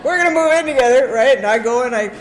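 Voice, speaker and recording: A woman's voice: on the high side, fast, background noise. Woman telling a comic recovery story in a roomy hall. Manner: animated, comic storytelling with frequent "right?" asides. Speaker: recovery convention speaker. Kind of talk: personal recovery share before a live audience. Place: convention hall with a live audience.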